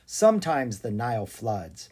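A storybook reader voicing a bold, brisk young girl who takes charge. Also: mid-range voice, very animated, dark tone, slightly rough. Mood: chatty. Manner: brisk, commanding. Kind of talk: storybook read-aloud.

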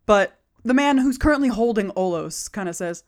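A woman's voice: mid-range voice, expressive, normal speed. A woman narrating as game master of a tabletop game, casual with many fillers.

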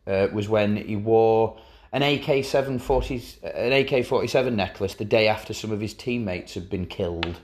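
A man's voice: on the low side, normal speed, a little mellow. A man co-hosting a podcast, chatting casually in a teasing, sardonic way, swearing now and then. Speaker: podcast co-host. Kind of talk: casual chat.

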